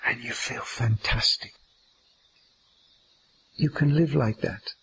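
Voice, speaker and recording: Man, slow meditative teaching talk, gravelly, drawn-out gentle delivery, faint outdoor ambience behind. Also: mid-range voice, slight background noise, low-quality recording.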